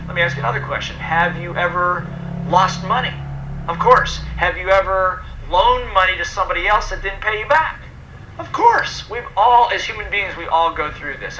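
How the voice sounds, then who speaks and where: A man's voice: a little high, bright, forceful tone, a little hiss or hum, low-quality recording. A man presenting a personal development program, talking emphatically and putting questions to his audience. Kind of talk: motivational seminar talk.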